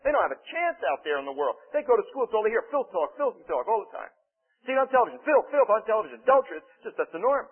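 A man preaching in a conversational teaching style, stressing key words loudly and dropping into quiet asides. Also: sits high, big pitch swings, very fast, slightly rough. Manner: conversational and emphatic, swinging between loud stresses and quiet asides. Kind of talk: sermon-style teaching talk. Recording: tinny, phone-like narrow sound.

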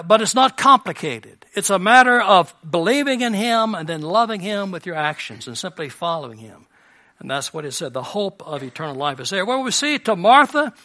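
Bright-voiced man preaching a sermon. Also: fairly high pitch. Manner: earnest, swinging from emphatic to hushed. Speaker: pastor.

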